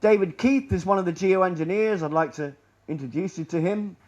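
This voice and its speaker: A man giving a public presentation in a lecture room, rambling and sardonic, often trailing off quietly. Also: high voice, moderate pace, muffled recording.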